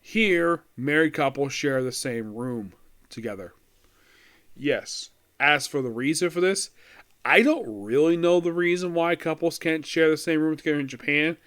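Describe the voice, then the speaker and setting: A man's voice: mid-range voice, a bit bright. A man talking through an anime episode in casual commentary, rambling with lots of fillers, restarts and wry asides. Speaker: anime reviewer.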